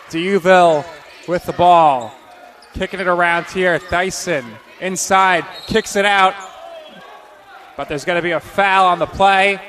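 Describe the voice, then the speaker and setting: A man calling live basketball play-by-play, reeling off passes and shots in quick calls and getting louder on the big scores. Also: sits high. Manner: rapid-fire calls, bursts of excitement on scores. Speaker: play-by-play announcer.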